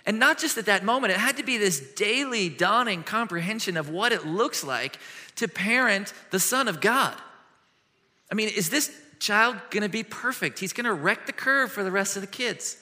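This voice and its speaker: Speaking at a normal pace in a high voice, a pastor preaches a sermon with animated earnestness. He shifts between lively questions and hushed, gentle passages, all carried by a long hall reverb.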